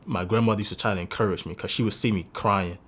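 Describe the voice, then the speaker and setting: Deep-voiced man in his twenties, confessional. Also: fairly even intonation, quick pace, a bit bright, husky. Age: 20s. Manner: earnest, confessional, emotional. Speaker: interviewee sharing a personal story. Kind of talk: candid personal testimony.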